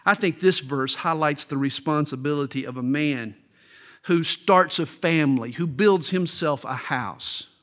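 A middle-aged man preaches a sermon, moving between Bible readings and folksy anecdotes. His voice sits high for a man. It has a bright, forceful edge. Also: measured pace. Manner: folksy storytelling, tells jokes. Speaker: pastor.

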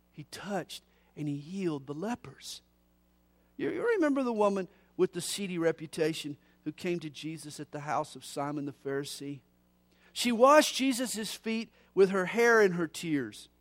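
A middle-aged man preaching a sermon, moving from soft, low passages to loud, slowed emphatic lines. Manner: builds from soft to loud, slowing on key phrases.

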